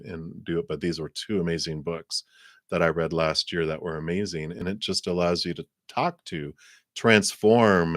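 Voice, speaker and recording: A man reads tarot cards for viewers on a live stream. His voice sits low, and he talks in a loose, chatty, reflective way, often restarting his sentences. The sound is dry and close to the mic. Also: dry recording. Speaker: tarot reader.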